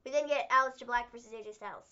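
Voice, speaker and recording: Woman co-host, high and bright, sarcastic casual delivery, muffled lo-fi stream audio. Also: racing, clean tone. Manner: sarcastic, playful recapping. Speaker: co-host of a wrestling recap stream. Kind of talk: casual chat.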